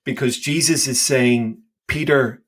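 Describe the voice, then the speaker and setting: A man's voice: mid-range voice, unhurried. Emphatic man explaining scripture. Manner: animated, emphatic, acts out quoted lines. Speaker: podcast co-host. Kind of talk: casual theological discussion.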